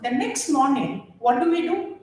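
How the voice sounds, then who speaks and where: An older woman, a retired geography teacher giving an animated, laughing speech to former students at a reunion. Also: sits high, moderate pace, a little hiss or hum. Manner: warm, animated storytelling with frequent laughter. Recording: very echoey room, voice far from mic.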